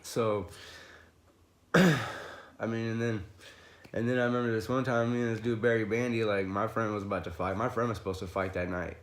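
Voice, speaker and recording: A young man telling a long story on a casual livestream. He rambles, swears a lot and fills every pause with "you know," laughing and raising his voice as he relives a fight. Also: fairly low pitch, steady tone. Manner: rambling, profane, full of fillers like "you know"; laughs often and gets loud when reliving a fight. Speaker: livestream host.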